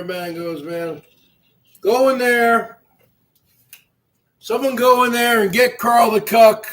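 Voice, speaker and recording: A man hosting a livestream, ranting in an indignant, repetitive and emphatic way. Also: high-pitched. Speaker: livestream host.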